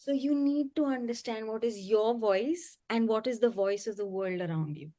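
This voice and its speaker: Earnest, high-voiced woman panelist. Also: moderate pace, dry recording, clean studio sound. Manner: earnest, animated, often says "you know". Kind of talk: conversational panel discussion.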